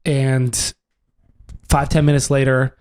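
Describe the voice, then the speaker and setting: A young man, co-hosting a podcast, who tells an animated, profane story and acts out the voices in it. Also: medium pitch, slow pace, clean tone. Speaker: podcast co-host. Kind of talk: casual storytelling chat.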